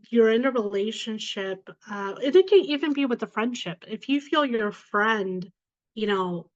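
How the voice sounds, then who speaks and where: A woman's voice: medium pitch, highs cut off. A woman on a panel discussion, explaining things with lots of fillers. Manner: explanatory, uses many fillers.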